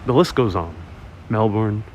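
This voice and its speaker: Here the livestream host has a fairly low, slightly mellow voice and speaks a little slowly, and the audio sounds lo-fi. He walks city streets with a wireless mic, chatting casually to viewers and reading their comments aloud over the street noise.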